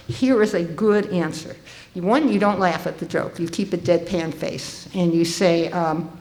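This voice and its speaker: An older woman giving a conference talk to an audience, speaking in a lively, conversational way with frequent ums and restarts. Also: lowish voice. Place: conference hall.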